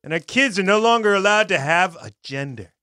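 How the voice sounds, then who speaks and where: A man's voice: high-pitched, animated, fairly quick, pushed and bright, clear, resonant tone, no room sound, studio quality. A man co-hosting a casual comedy show, reading a listener's message aloud and riffing on it with frequent laughs. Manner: jokey, reads aloud and riffs, laughs often. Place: studio.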